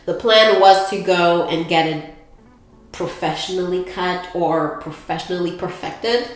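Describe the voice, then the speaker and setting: A woman's voice: fairly low pitch, measured pace. A young woman with a congested, stuffy voice, chatting playfully with her viewers in a casual hair tutorial. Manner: playful, sassy asides to viewers. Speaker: hair vlogger.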